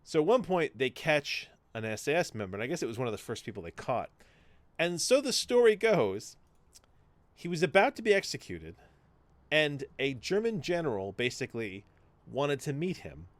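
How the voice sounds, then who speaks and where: A man's voice: medium pitch, no room sound. A male podcast host chatting casually and retelling a TV story, acting out the dialogue and swearing freely. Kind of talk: casual chat, retelling a TV show.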